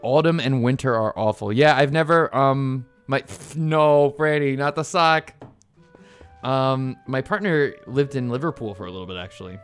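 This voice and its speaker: A man's voice: mid-range voice, animated, moderate pace, hardly any pauses, clean tone. A man streaming a game, chatting casually with viewers and swearing now and then. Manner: chatty, swearing, talking to chat. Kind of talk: casual let's-play commentary. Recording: game music faintly behind.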